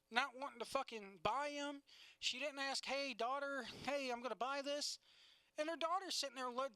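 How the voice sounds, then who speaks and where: A woman's voice: fairly high pitch, bright, forceful tone, dry recording. A woman co-hosting a casual chat show, telling stories animatedly and swearing freely. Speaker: podcast co-host.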